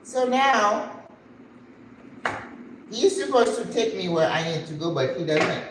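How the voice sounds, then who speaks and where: An older woman hosting a cooking channel, telling a story in a lively, dramatic way as she cooks and acting out the people in it. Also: medium pitch, takes it slowly. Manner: animated, dramatic storyteller who acts out the people in her story. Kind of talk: casual storytelling while cooking. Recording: echoey room with faint background noise.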